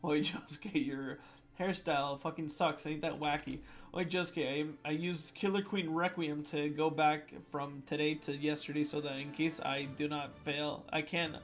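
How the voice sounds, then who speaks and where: A man reading submitted fan jokes out loud in a playful comedic voice, with sudden loud swings. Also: on the high side, steady tone, normal speed, faint music behind.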